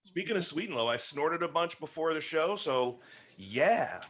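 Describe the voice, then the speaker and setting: Man, 40s, podcast guest; playful, lively, upper-pitched banter. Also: normal speed. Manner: animated, joking, voices other people. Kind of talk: casual chat.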